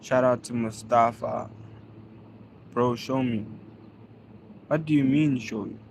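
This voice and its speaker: A man's voice: medium pitch, slow, creaky, a little hiss or hum, low-quality recording. A man from South Africa, a native Zulu speaker, chatting casually with viewers on a livestream in a slangy, laid-back way and thanking them by name. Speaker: livestreaming vlogger. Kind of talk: casual live-stream chat reading comments.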